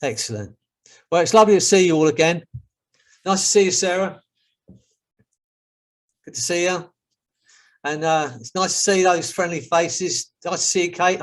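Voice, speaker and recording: London guy, hypnotherapist on a video call, kinda high voice, calm then chatty with the group. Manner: soothing counting suggestions, then chatty and upbeat. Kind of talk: hypnotherapy session and casual group chat.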